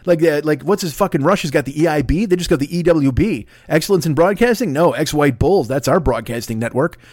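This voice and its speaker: A man's voice: on the high side, expressive, a little fast, a little mellow, no room sound, studio quality. A middle-aged man hosting his own podcast alone, ranting in a rambling, profane, self-mocking way. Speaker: podcast host. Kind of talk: solo podcast monologue.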